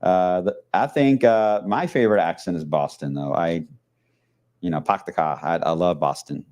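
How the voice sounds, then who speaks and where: Deep-voiced mumbling country-accented man. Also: normal speed, a little mellow. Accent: Southern US country. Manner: mumbling, rambling with many fillers. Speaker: TV meteorologist. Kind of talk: casual weather livestream chat.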